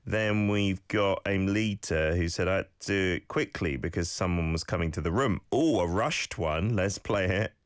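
A low-voiced man with a British accent talks listeners through a language lesson on his radio show. His delivery swings up and down with lively intonation as he patiently repeats words. The sound is dry and close. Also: dry recording. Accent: British English. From United Kingdom. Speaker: radio host teaching Korean. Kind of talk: casual radio talk with language teaching.

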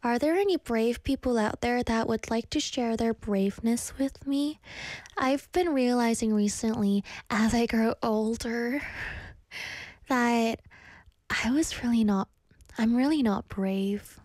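A woman's voice: fairly high pitch, unhurried, a little mellow, dry recording. A young adult woman casually reading viewers' comments aloud and telling rambling stories from her own life. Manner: chatty, storytelling, ranting. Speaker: streamer reading chat messages.

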